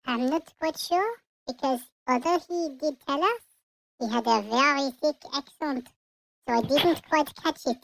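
A player voicing a dramatic small French baby in a mock French accent with French words thrown in, through a pitched-up childlike voice. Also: measured pace, gravelly, fairly bright tone, full character voice, rough recording. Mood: earnest.

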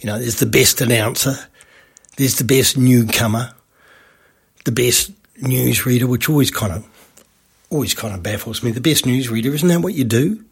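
Gravelly, husky storyteller man. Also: medium pitch, moderate pace. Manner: rambling, lots of restarts. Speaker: radio ad salesman. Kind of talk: casual storytelling.

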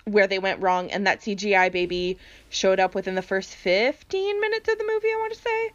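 A woman's voice: mid-range voice, lively intonation, brisk. Laughing woman podcaster, lo-fi sound. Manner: laughs often, swears casually. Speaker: podcast co-host. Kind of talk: casual chat. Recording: dull lo-fi sound.

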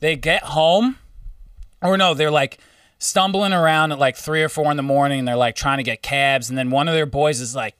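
A young man, a podcast co-host telling a story in casual chat, rambling and animated with many restarts. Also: fairly high pitch, moderate pace, smooth, no room sound, studio quality, far from the mic.

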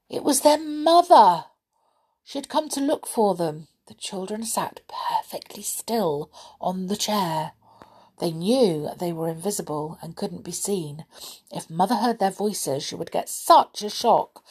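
A woman narrating a children's storybook in an expressive, animated way. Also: lowish voice, slightly rough.

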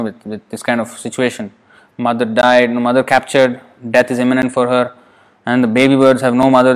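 A man with a medium-pitched voice gives a relaxed sermon and retells an old scripture story. His voice lifts and gets louder when he quotes the characters, and he keeps coming back to loose "you know" fillers. It sounds like a talk given to listeners. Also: clean tone. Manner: conversational, many "you know" fillers, lively rises when quoting. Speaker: spiritual teacher.

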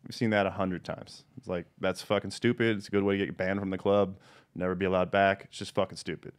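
A man with a somewhat low voice hosts a laid-back podcast chat, swearing freely as he tells animated stories. His delivery is loose and conversational, speeding up and slowing down as the story builds. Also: clear, resonant tone. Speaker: podcast host and dispensary owner.

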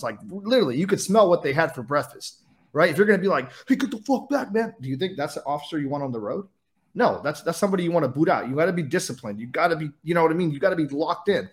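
A man who used to be a highway patrol officer, a guest in a casual interview, from California, telling stories bluntly and with plenty of swearing. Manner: fast, blunt, profane storytelling.

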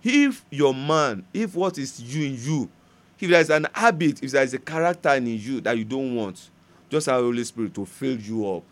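A man's voice: medium pitch, expressive, moderate pace. Emphatic man preaching, laughing often. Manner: emphatic, swings from loud proclamation to soft prayer; laughs often while telling stories. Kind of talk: sermon.

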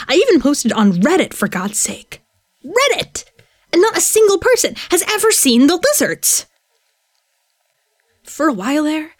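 An actress reading a first-person tale as a young adult obsessed with half-remembered lizards, in a rambling, intense way. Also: female voice, high voice, no room sound, clean studio sound. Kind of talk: first-person story reading, audio drama.

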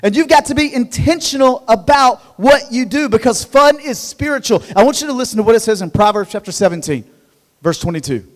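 A high-pitched man in his thirties preaches to his church with lively, conversational energy. He stumbles and repeats himself as he gets going. His voice rings with the long reverb of a large hall. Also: brisk. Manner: energetic, conversational, repeats words when excited. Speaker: pastor. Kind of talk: sermon.

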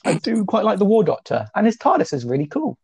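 A man's voice: high-pitched, huge pitch swings, quick pace, gravelly, a little mellow, slightly rough. A young man co-hosting a podcast, chatting in a rambling way and often pulling the talk back on track. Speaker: podcast co-host. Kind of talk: casual chat. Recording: dull lo-fi sound.

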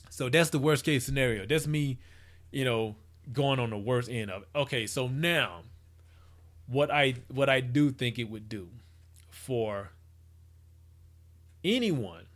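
A man's voice: medium pitch, a bit bright. A man giving rambling, casual commentary as he reacts to a photo project, with many restarts and hypotheticals. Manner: acts out quoted people in his voice.

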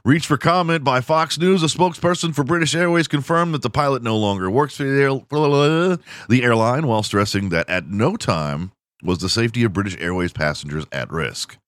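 A man's voice: mid-range voice, normal speed, few pauses, fairly bright tone, no echo, clean studio sound. A man in his forties from Houston, Texas, hosting a podcast and retelling news stories with profane, mocking comedy. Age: 40s. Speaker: podcast host. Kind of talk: comedic storytelling.

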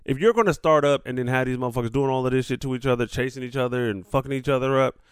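A man rants about sports in a loose, profane way. His voice sits at an ordinary middle pitch. The recording is dry and close, with no room sound. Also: rapid-fire, clean tone, no echo. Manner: profane, animated ranting. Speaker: sports commentary host. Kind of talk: casual sports rant.

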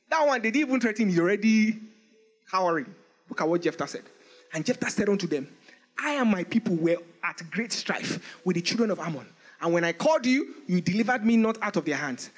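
A male pastor preaching a lively sermon, reading scripture aloud in old-style English and laughing often. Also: sits high, moderate pace.

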